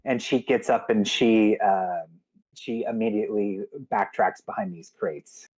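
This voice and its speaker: A man's voice: fairly low pitch, steady tone, a little slow, a little mellow, poor audio. A man running a tabletop game as game master on a live stream, hesitant with frequent ums. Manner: hesitant, with many ums and restarts.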